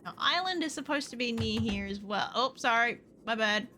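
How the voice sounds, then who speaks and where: A young woman streaming a game, chatting to herself and yelling and swearing at the creatures on screen. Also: a little high, moderate pace, soft background music. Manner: expressive, swears and yells at the game. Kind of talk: casual gameplay commentary.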